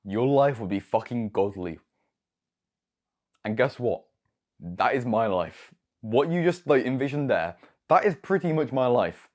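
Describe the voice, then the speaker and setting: A late-teen young man, a YouTube creator, self-films a motivational vlog in his own room with a whiteboard. His medium-pitched, darkish voice has lively intonation and an unhurried pace with long pauses; he's profane and boastful, tagging nearly every phrase with "okay."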